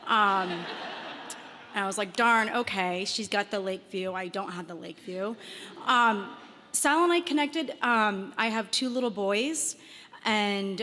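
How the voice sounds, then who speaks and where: Nervous lady giving a tribute speech, slow, lots of ums, big echoey hall. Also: medium pitch, fairly bright tone. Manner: nervous, emotional, many ums. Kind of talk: nervous heartfelt award speech. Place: event hall. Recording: long hall reverb.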